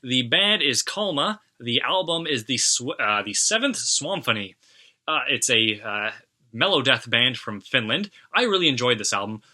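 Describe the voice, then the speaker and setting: A young man talks casually to his camera, rambling and blunt, with plenty of "uh" and "you know". His is plain, and his voice has a very bright, sharp edge at a middling pitch. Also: very animated, moderate pace. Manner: rambling, blunt, swears casually, many fillers. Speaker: vlog host.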